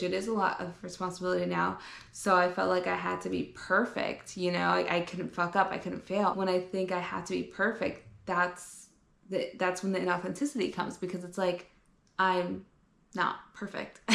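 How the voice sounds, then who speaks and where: A woman's voice: on the low side, creaky, fairly bright tone, reverberant. A young woman, a fitness vlogger and coach, talking candidly and earnestly about her journey in a casual, reflective way. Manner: candid, earnest, casual with frequent fillers and some swearing. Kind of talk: reflective personal vlog talk.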